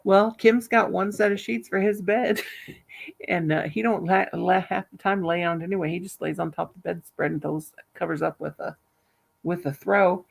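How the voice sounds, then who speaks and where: Older woman host, raspy-voiced, salty and talkative, casual chat. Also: lowish voice, steady tone, normal speed. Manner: chatty, laughs a lot, salty language. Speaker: vlogger.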